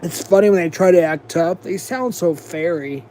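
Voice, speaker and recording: A man's voice: on the high side, normal speed, warm tone, a little hiss or hum. An American man hosting a livestream, rambling and mocking in a profane, casual rant. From United States. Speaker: livestream host.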